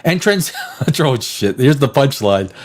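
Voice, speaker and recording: Crude, lively male stream host. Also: medium pitch, slow pace. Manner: crude, rambling, laughs often, reacts to chat. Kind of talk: live movie news stream.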